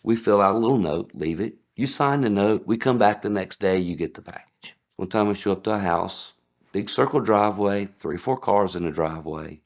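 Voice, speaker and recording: A man telling sarcastic stories about his days as a delivery driver, acting out the people he quotes. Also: normal speed. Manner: sarcastic, acts out quoted people with big pitch jumps. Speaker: former package delivery driver. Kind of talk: anecdotal storytelling.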